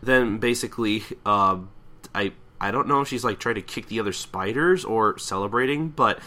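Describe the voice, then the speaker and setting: A man co-hosting a podcast in casual chat, animated and stammering through restarts, swearing freely. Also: fairly low pitch, normal speed. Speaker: podcast co-host.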